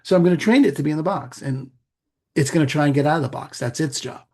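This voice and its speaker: Casting: middle-aged man, husky gravelly voice, a little high, loose explainer as interview guest. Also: fast talker. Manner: gravelly, husky, animated with playful asides. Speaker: meditation teacher, podcast guest. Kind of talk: conversational explaining.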